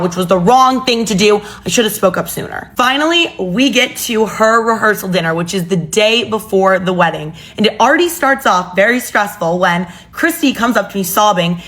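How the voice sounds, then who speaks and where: A woman's voice: medium pitch, a bit bright. A young woman telling a personal story in a casual, chatty way with exasperated asides.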